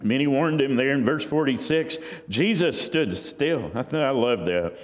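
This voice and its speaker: A man's voice: mid-range voice, animated, moderate pace. A man preaching a sermon, telling a story in a conversational way and acting out voices from the crowd. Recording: long hall reverb.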